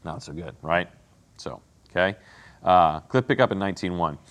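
A man with a somewhat low voice teaches a Bible class in an easygoing, conversational way. He keeps checking in with his listeners and tosses in quick asides as he explains the passage. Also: lively intonation, fairly bright tone. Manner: conversational, checks in with "okay?" and "right?". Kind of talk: casual teaching with commentary.

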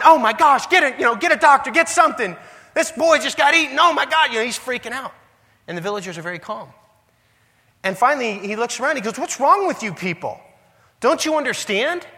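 Man, pastor, conversational sermon, storytelling, slightly high voice, long church reverb. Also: sharp tone.

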